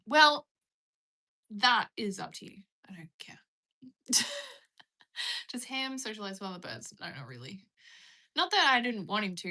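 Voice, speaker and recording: Reading viewer comments aloud, a young Australian livestream host rambles casually and pokes fun at herself. She has a mid-range voice with a bright, forceful tone.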